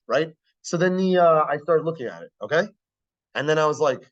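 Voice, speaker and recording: Male lecturer, casual and profane, always asking if the class gets it; animated pitch, lo-fi sound. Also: moderate pace. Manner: blunt, profane, keeps checking the class understands.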